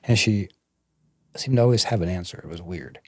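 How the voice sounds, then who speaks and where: A man, a massage therapist and energy bodyworker, telling stories as a guest in a casual interview and acting out the quotes with lively jumps in his voice. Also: brisk, dry recording, studio quality. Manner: animated, acts out quotes with jumps in pitch.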